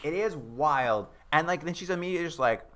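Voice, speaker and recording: A man's voice: on the high side, fairly quick. A man co-hosting a casual comedic chat, retelling a show's plot and mocking its characters in put-on voices. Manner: animated storyteller, acts out characters in mocking voices. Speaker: podcast co-host.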